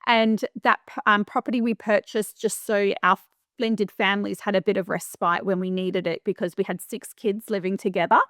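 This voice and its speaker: A middle-aged Australian woman talks through her stories as a podcast guest, chatty and animated, often restarting sentences. Her pitch sits in a mid range for a woman. The sound is dry and close, with no room around it. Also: normal speed, no room sound. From Western Australia. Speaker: property manager, podcast guest. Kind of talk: casual interview storytelling.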